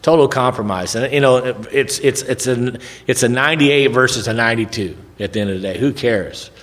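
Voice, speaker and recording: A man's voice: mid-range voice, brisk, a bit bright. Folksy man in an echoey hall. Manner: folksy, rambling, conversational, drops in "man" and "right?". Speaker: recovery speaker. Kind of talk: storytelling talk at a recovery event. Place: large hall at a recovery event. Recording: long reverb of a big hall.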